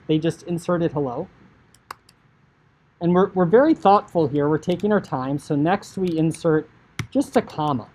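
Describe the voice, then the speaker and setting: Casual male coding teacher, breathy tone, chatty screencast narration. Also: fairly high pitch, moderate pace, a little mellow, low-quality recording. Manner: chatty, filler "like", acts out inner thoughts. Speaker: high school computer science teacher.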